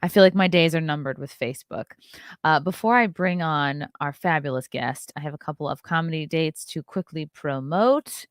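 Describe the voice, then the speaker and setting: A woman hosting a podcast in a casual, joking chat with quick asides and self-mocking remarks. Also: sits low, no echo, studio quality. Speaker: podcast host.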